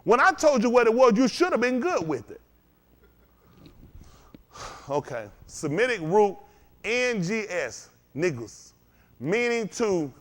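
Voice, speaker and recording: A man preaching a sermon to a congregation, firing questions at the crowd and swinging between loud and low. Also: big pitch swings, slow, pauses often. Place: congregation hall.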